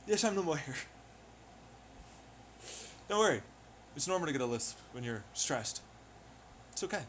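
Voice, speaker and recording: A man's voice: fairly high pitch, big pitch swings, moderate pace, pauses often, a bit bright, slight background noise. A man rambling in a profane monologue, firing off rhetorical questions. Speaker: vlogger.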